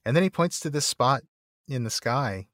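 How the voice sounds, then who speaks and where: A man co-hosting a casual podcast, reading a book passage aloud slowly and grandly and joking between readings. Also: medium pitch, lively intonation, a bit bright, no echo, clean studio sound. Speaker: podcast co-host and reader.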